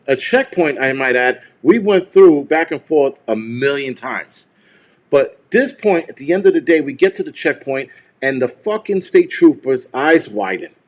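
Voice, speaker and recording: A man in an ordinary middle register hosts a live stream, telling a story in a heated, profane, rambling way. He restarts sentences and swears constantly as he works himself up. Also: medium pitch. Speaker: show host.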